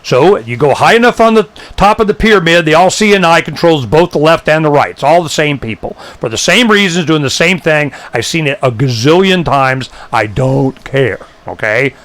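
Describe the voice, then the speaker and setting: A man's voice: on the high side, normal speed, hardly any pauses. A male talk show host telling stories in a blunt, emphatic rant. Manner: animated storyteller, blunt and emphatic.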